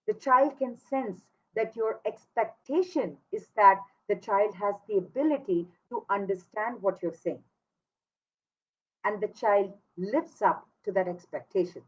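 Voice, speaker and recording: Woman, parenting educator, mid-pitched, earnest and emphatic, slightly muffled recording. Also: breathy edge. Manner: earnest, emphatic, repeats key words. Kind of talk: instructional talk to parents.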